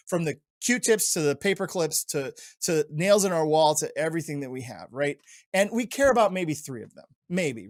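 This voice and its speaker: A high-voiced man argues his points on a panel, punchy and animated, tagging sentences with "right?" and "like". The sound is very dry and close, with no room around him. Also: no room sound. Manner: emphatic and animated, peppered with "right?" and "like". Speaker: retail industry analyst. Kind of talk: panel discussion.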